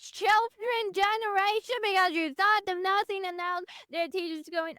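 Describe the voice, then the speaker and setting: Blunt, very high-voiced young woman. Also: fairly even intonation, normal speed, hardly any pauses, fairly bright tone, no echo, studio quality. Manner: blunt, rambling, swears freely. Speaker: podcast co-host. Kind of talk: casual chat.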